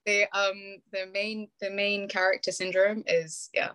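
A woman's voice: medium pitch, little pitch movement, a little slow, a bit bright, smooth. A woman with a British accent in casual chat on a video call, chatty, laughing often, with many fillers. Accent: British English. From United Kingdom.

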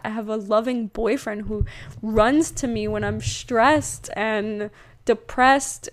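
A young woman hosting her own podcast, talking casually and rambling, with lots of fillers and self-corrections. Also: on the high side. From United States. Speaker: podcast host. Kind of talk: casual solo podcast monologue.

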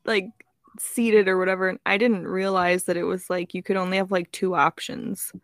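A woman's voice: fairly low pitch, little pitch movement, normal speed, dry recording, clean studio sound. A woman telling a story in casual podcast chat, filling her sentences with "like" and swearing freely. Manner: fills every phrase with "like", swears freely. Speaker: podcast co-host.

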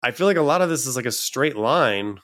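A man's voice: mid-range voice, expressive, a bit bright. A man co-hosting a podcast, talking casually with many fillers and restarts and a frustrated tone. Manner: halting, filler-heavy, exasperated. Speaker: podcast co-host.

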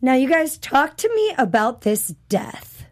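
A woman in casual conversation about a TV show, her voice slightly hoarse from illness. She speaks in a fairly high register and moves quickly from point to point with lots of energy, acting out the characters' lines as she tells the story. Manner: chatty, animated, acts out characters' lines. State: sick with a rough voice. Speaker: podcast co-host. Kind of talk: casual TV review chat.

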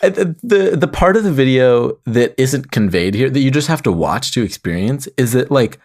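A man from the Bay Area co-hosting a podcast in casual chat. His pitch swings widely as he tells stories, and he acts out the quotes he retells. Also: normal speed. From San Francisco Bay Area. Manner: animated storyteller, acts out quotes. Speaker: podcast co-host.

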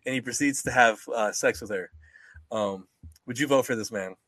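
A man's voice: medium pitch, moderate pace, fairly bright tone, no room sound. A young man co-hosting a podcast, rambling and joking, swearing freely and mimicking people in casual chat. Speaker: podcast co-host.

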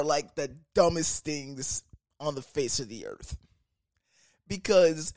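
A man's voice: mid-range voice, no echo, studio quality. Young man telling a slangy story. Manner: loose, slangy, animated storytelling with frequent laughs. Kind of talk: casual storytime vlog.

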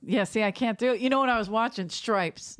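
A woman's voice: on the high side, a little fast, no room sound, clean studio sound. A woman co-hosting a comedy podcast, chatting casually and laughing often. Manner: lively, laughs often, tells stories. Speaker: podcast co-host.

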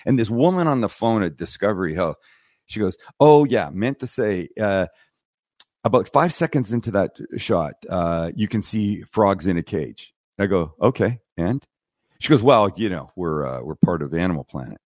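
Middle-aged man, low voice, lively swings in pitch, dry studio sound, blunt storyteller. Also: moderate pace, dry recording. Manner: blunt, animated storyteller who acts out dialogue. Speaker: TV and YouTube cooking host, guest. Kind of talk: casual interview storytelling. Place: podcast studio. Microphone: studio microphone.

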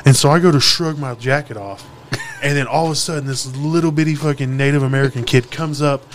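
Young male host, rapid-fire, crude, acts out quotes; faint room noise behind. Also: medium pitch. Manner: profane, animated storyteller acting out quotes. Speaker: podcast host. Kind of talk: casual storytelling chat.

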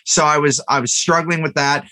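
A man in his thirties or older, a podcast guest, telling a story in an animated way with frequent restarts. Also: fairly high pitch, normal speed, no room sound. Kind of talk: storytelling interview talk.

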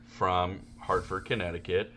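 A man's voice: deep voice, little pitch movement, unhurried, sharp tone. A man co-hosting a podcast, telling rambling, profane stories in casual chat. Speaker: podcast co-host.

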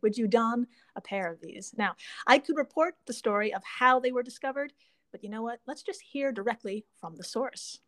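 A woman's voice: on the high side, fairly bright tone. A woman co-hosting a casual podcast, playful and laughing often as she reads out odd facts. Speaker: podcast co-host.

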